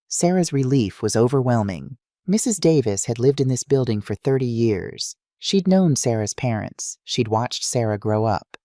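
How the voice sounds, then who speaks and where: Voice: mid-range voice, animated, moderate pace, few pauses, mellow, no echo, clean studio sound. A narrator reading a dramatic family story aloud in a scripted style.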